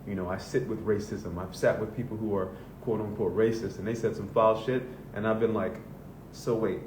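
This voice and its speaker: Here a Southern US men's coach talks fairly quickly in a mostly level voice, cursing liberally as he gives an earnest, informal motivational speech. The mic sits at a distance, and the space is echoey with a low rumble.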